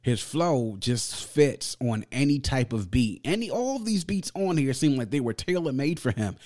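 A man's voice: medium pitch, a little mellow. A man reviewing a record on a podcast in a casual, enthusiastic way, with slang and frequent laughter. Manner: enthusiastic, slangy, laughs often, reads lyrics aloud.

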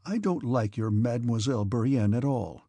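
A man's voice: medium pitch, animated, moderate pace, warm tone, no echo. A man reading aloud and voicing a reserved, ironic young nobleman who speaks curtly.

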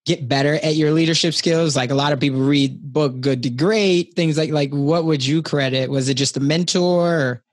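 A man's voice: a little high, normal speed, few pauses, no room sound, studio quality. A man hosting an interview, posing long, winding questions to his guest. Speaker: podcast host.

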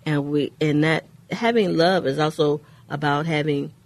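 A woman co-hosting a faith-based radio talk show, telling a personal story in an earnest way with pauses. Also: deep voice, fairly even intonation, darkish tone.

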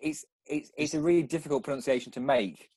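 A man's voice: a little high, quick pace, darkish tone, slightly rough, dry recording. A young man, co-hosting a casual podcast and telling rambling stories full of restarts. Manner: rambling storyteller, many restarts. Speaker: podcast co-host.

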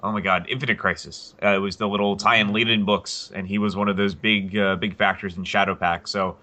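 A man's voice: fairly low pitch, a little fast. A man co-hosting a casual comic-book podcast, talking eagerly and rambling as he riffs on news. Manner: excited, rambling, animated when joking. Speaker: podcast co-host. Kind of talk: casual chat.

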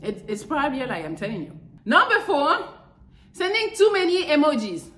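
A woman hosting a podcast, giving blunt, profane dating advice in a casual, animated monologue. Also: high voice, normal speed, a little hiss or hum. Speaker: podcast host. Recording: echoey room.

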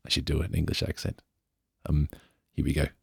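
A man's voice: rumbling low, little pitch movement, brisk, gravelly, slightly rough, dry recording, studio quality. An Australian man hosting a podcast, reading an article aloud in a casual way and breaking off for jokey asides. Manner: jokey, self-interrupting commentary. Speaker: podcast host. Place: indoor room.

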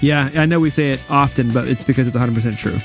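A man co-hosting a podcast in casual chat, warm-hearted and quick to laugh. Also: mid-range voice, soft background music. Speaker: podcast co-host.

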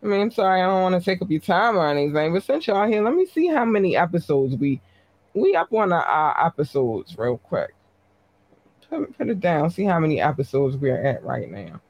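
A woman podcast host giving casual live-stream shout-outs to her listeners, talking in a slangy, blunt, chatty way. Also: lowish voice, sing-song, fairly quick, dry recording, highs cut off.

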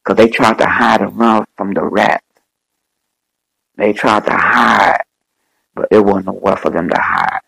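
A man preaching a fervent sermon, with slow, drawn-out phrasing and dramatic repetition. His voice is gravelly and husky. The sound is dry and close. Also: fairly low pitch, expressive, pushed and bright, no room sound, poor audio. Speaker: bishop and podcast host.

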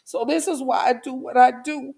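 Gravelly-voiced passionate woman podcaster. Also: high-pitched, steady tone, normal speed, warm tone. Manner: passionate, preacherly, repeats phrases for emphasis. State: tearful, emotional. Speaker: podcast host. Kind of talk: emotional livestream talk to viewers. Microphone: camera livestream.

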